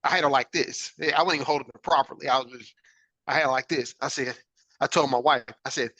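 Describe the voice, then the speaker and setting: A man's voice: medium pitch, fairly even intonation, quick pace, pushed and bright, no echo, poor audio. A man hosting a podcast, earnestly telling a personal story and often checking in with "right?". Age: adult father. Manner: earnest, reflective, frequent "right?" check-ins. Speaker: podcast host.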